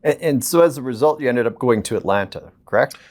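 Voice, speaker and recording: A man's voice: medium pitch, animated, darkish tone. Man hosting a television interview. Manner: measured questions with frequent restarts. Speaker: host.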